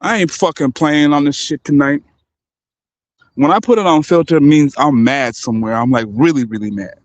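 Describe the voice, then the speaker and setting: A man's voice: on the high side, moderate pace, dry recording, lo-fi sound. A man hosting a livestream, ranting in a heated, profane way and breaking off often to apologize to his viewers. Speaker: livestream host. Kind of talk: unscripted livestream rant.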